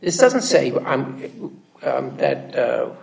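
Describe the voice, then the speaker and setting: Gravelly judge interrupting from afar. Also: medium pitch, big pitch swings, takes it slowly, darkish tone. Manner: interrupting, explaining the law firmly. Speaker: appellate judge. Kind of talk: judge questioning counsel. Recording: voice picked up from a distance.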